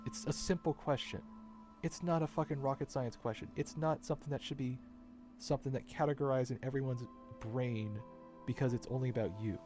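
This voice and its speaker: A man's voice: mid-range voice, steady tone, fairly quick, over music. Frustrated man ranting, swearing. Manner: frustrated, swearing, repeats himself. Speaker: vlogger. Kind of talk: unscripted personal rant.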